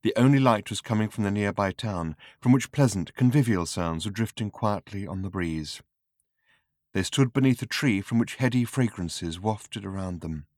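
Male audiobook narrator, lowish voice, close dry recording. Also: darkish tone, no room sound. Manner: dry, measured storytelling. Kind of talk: scripted narration.

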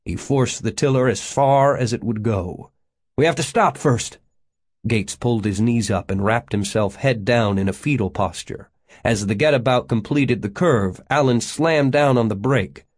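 A man narrating an audiobook in a steady storytelling manner. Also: medium pitch. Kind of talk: scripted narration.

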